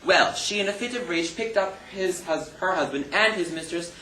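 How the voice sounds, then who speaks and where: An actor in an amateur stage play playing a flamboyant, vain French marquis who gossips theatrically and takes offense quickly. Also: male voice, sits high, pushed and bright, slight background noise. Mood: gossipy. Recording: echoey hall, mic from far off.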